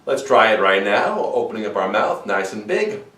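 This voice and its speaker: A man teaching vocal warm-up exercises as a voice coach and demonstrating the sounds himself. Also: very animated, moderate pace, roomy sound, far from the mic. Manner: demonstrates sung vocal exercises, swooping high to low.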